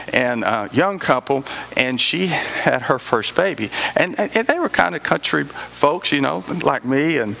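A man's voice: mid-range voice, vocal fry, sharp tone, slight background noise, low-quality recording. A male pastor preaching a sermon in a folksy way, with joking asides and key phrases repeated for emphasis.

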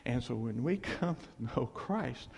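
A man's voice: medium pitch, animated, measured pace, creaky, a little mellow, breathy edge. A man preaching a conversational sermon in a church hall, repeating phrases for emphasis and checking in with the audience with "okay?" and "see?". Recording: long hall reverb.

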